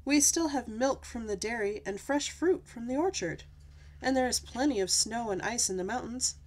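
A woman voicing a learned male tutor in a storybook, calm and reassuring. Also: a little high, moderate pace, natural voice.

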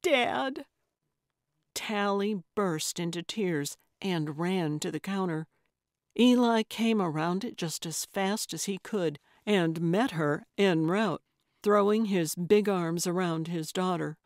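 A woman narrating a cozy mystery audiobook in a measured, even manner. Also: lowish voice, no echo, clean studio sound. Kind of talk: scripted narration.

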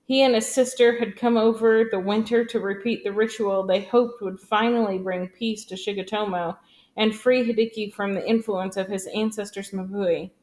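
A woman narrating a novel as an audiobook, with a steady, even storytelling delivery. Her pitch sits in the ordinary middle range. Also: moderate pace. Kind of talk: scripted narration.

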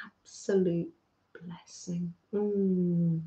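A British woman hosting a live craft stream, chatting warmly with viewers by name and laughing softly. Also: on the low side, flat delivery, drawn-out words. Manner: warm, chatty, talks to viewers by name, frequent soft laughs. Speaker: craft livestream host. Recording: roomy, slightly dull sound.

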